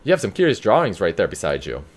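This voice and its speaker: A man's voice: deep voice, huge pitch swings, fast talker, full character voice. Man reading as a polite Victorian doctor. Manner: formal, polite.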